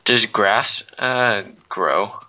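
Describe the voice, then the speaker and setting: Give me a young man co-hosting a gameplay chat, teasing and deadpan, with a very bright, edgy voice on lo-fi audio. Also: lowish voice, extremely slow. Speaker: gaming channel co-host.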